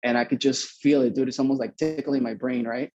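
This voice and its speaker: A young adult man from Mexico, a podcast guest telling a story in casual talk, animated and swearing as he acts out both sides of the conversation. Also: mid-range voice, fairly quick, dull audio.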